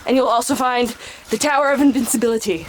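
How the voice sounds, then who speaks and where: A woman with a light Midwestern accent, a podcast guest telling her story in casual chat while hiking, a little out of breath, relaxed and quick to laugh. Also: a little high, noisy background. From Midwest United States. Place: outdoors on a hiking trail.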